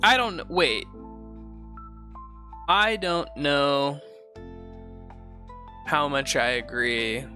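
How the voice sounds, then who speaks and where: A man's voice: fairly high pitch, extremely slow, pauses often, bright, forceful tone, soft background music. A man hosting a show, reading posts aloud and giving rambling, profane, sarcastic commentary in a casual chat style. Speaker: host.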